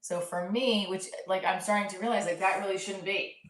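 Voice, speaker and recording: A woman's voice: mid-range voice, fairly even intonation, brisk, fairly bright tone, recorded from a distance. A woman in her thirties, a stand-up comic, talking candidly to camera in a rambling, casual vlog, swearing and laughing at herself. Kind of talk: casual self-talk vlog. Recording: roomy echo, voice a bit off-mic.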